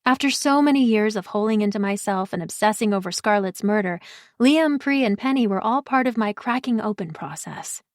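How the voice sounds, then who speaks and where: A woman narrating a first-person audiobook in a warm, conversational storytelling manner. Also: mid-range voice, animated, a little fast, no echo, clean studio sound.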